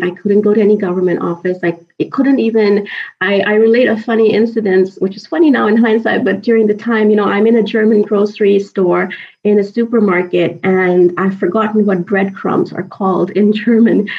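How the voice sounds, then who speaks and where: A woman guest on a podcast, telling lively stories from her home and often laughing as she acts out old conversations. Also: medium pitch, far from the mic, lo-fi sound. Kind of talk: conversational storytelling.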